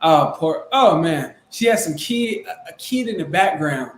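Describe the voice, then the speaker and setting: A man casually recounting a business deal and acting out the quotes in an animated way. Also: unhurried. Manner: animated, acts out quotes in a high excited voice. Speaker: real estate wholesaler. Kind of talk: casual storytelling chat. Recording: echoey room with faint noise.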